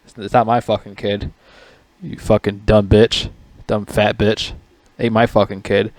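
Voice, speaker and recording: A man's voice: on the low side, level tone, measured pace, no room sound, close to an everyday voice. A man voicing a rude, indignant male gorilla who swears as he refuses to raise a baby. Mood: angry. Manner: cursing, indignant.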